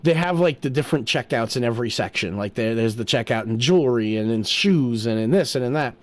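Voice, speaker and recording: A man's voice: mid-range voice, expressive, fairly quick, no echo. Joking, dry-voiced male streamer. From Pennsylvania. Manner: joking, self-deprecating, laughs often. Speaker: livestreamer. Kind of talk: casual storytelling chat.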